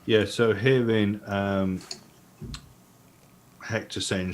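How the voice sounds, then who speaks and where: A man playing in a tabletop game, quiet and hesitant as he plans his move. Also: fairly low pitch, steady tone, takes it slowly, long pauses, a little hiss or hum. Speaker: player. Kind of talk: casual game table talk.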